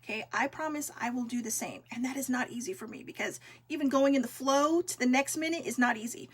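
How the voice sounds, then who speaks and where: A woman hosts a casual vlog and speaks straight to her viewers, earnest and gently encouraging. Her voice sits a little high and has a husky, breathy edge. She leans on relaxed fillers as she talks. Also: fast talker. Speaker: vlog host. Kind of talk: casual heartfelt talk to viewers.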